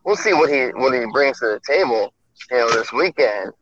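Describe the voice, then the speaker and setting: A man's voice: medium pitch, animated, brisk, a bit bright. A man co-hosting a podcast in casual chat, rambling with lots of fillers, calling in from a noisy public place. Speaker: podcast co-host. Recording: dull lo-fi audio over a noisy crowd.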